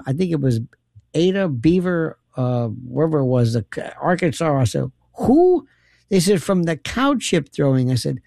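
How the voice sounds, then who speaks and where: Her voice sits low and creaky as she animatedly relates a funny story, laughing and putting on dramatic voices for the quotes. She's a radio host's guest in casual conversation, recorded at studio quality with no echo.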